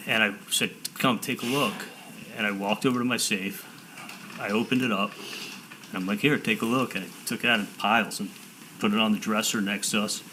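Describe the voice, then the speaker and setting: A low-pitched man with a bright, forceful voice gives courtroom testimony. He talks in halting bursts, restarting and repeating words as he retells conversations. Faint room hiss sits behind him. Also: fairly even intonation, rough recording. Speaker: defendant testifying.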